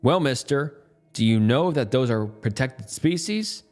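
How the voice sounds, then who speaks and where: A man's voice: mid-range voice, expressive, a little slow, faint music behind, voice pushed up, close to an everyday voice. A man voicing a stern, hostile man in his fifties who barks orders in a cop-like tone. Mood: threatening. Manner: shouting, cop-like barked orders.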